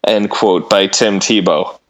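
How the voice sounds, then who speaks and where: A man's voice: lowish voice, fairly even intonation, slow pace. A man co-hosting a casual sports podcast, playful and wisecracking. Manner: playful, wisecracking, self-promoting. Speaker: podcast co-host.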